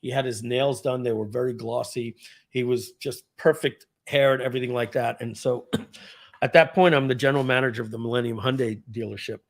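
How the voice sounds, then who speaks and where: A man, a former car dealership general manager, telling a casual story on a live video, clearing his throat often and drifting into rambling asides. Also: medium pitch, steady tone, brisk.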